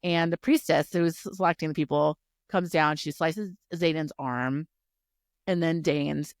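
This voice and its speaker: Low-voiced woman recapping a book. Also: a little slow, dry recording, studio quality. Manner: animated, profane storytelling. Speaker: podcast co-host. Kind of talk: casual book-club chat.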